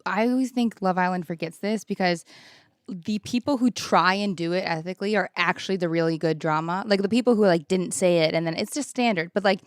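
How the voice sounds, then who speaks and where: A woman's voice: fairly low pitch, fairly quick, no echo, studio quality. A woman hosting a podcast, talking in an enthusiastic, gushing, rambling way. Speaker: podcast host. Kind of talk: casual conversation. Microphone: podcast mic.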